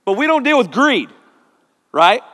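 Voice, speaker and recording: A man in his thirties preaching a sermon, telling family stories with animated acted-out quotes. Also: extremely high pitch, a little slow. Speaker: pastor. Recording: long hall reverb.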